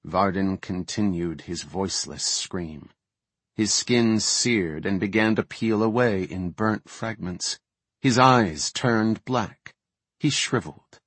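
A man reading a fantasy audiobook in a measured, steady way. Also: lowish voice, breathy edge, dry recording. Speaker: audiobook narrator.

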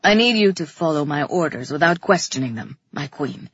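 Storybook: woman playing a stern male warrior, low, clipped orders, breathy, dry. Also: animated, normal speed, no echo, highs cut off. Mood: commanding. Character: commanding armored male warrior.

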